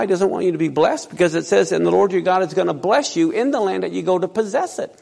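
Gravelly high-voiced man preaching in a hall. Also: fast, hardly any pauses, a little mellow. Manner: asks the audience questions and reads scripture aloud. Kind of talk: sermon. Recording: long reverb in a hall.

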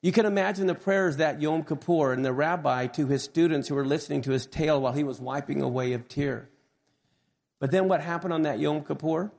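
A man preaching, retelling a story in an earnest, measured manner. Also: fairly high pitch, creaky, a little mellow, long reverb tail. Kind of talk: sermon storytelling.

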